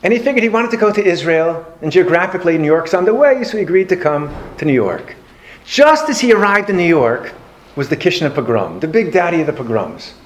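A man giving a storytelling lecture on Jewish history to a live audience, animated and anecdotal with dry humor. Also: a little high, fairly quick.

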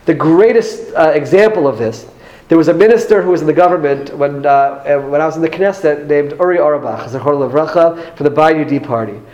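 A man's voice: fairly high pitch, fairly quick, darkish tone, muffled recording. A man with an American accent giving a speech to an audience as a former member of parliament, telling earnest personal anecdotes with light humor. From United States.

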